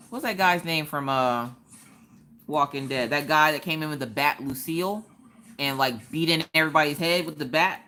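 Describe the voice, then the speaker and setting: A woman hosting a casual live craft stream, chatting in an animated way and answering viewers' comments. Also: low-pitched, a little hiss or hum.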